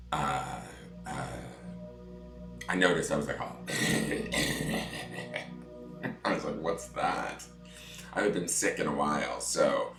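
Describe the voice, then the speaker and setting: Deep-voiced male tarot streamer, chatty and gently guiding, roomy echo. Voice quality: deep morning voice. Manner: chatty, reads viewer comments aloud. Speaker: tarot reader. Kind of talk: livestream chat and guided breathing meditation.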